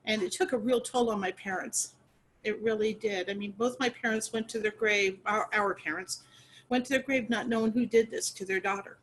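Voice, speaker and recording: A middle-aged woman, a guest in an interview, talking about her late sister in an earnest, halting way, with many fillers and restarts. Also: mid-range voice, steady tone, fairly bright tone, rough recording. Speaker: guest, sister of a murder victim.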